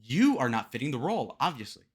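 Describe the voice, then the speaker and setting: A man's voice: mid-range voice, sing-song, fast talker, husky. A young man hosting a reaction commentary on political debate clips, profane and mocking as he rants.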